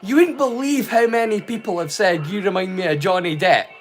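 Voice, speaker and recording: Scottish male streamer, high voice, rambling and sweary, faint music underneath. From Scotland. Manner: rambling, sweary, quick to laugh. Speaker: livestream host. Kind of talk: casual chat.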